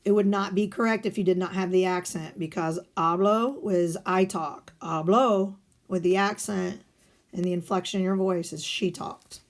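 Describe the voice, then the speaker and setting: In this recorded video lesson, a Spanish teacher goes through guided notes step by step, asking questions and answering them herself. Her lowish voice stays steady and somewhat dark, delivered at a normal speed.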